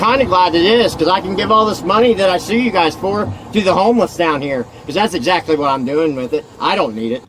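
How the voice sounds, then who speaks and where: A man's voice: high voice, fairly bright tone, a little hiss or hum, low-quality recording. A man in an agitated, rambling rant, scolding and preaching by turns. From Indiana. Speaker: arrested man ranting on video. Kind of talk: angry self-filmed rant.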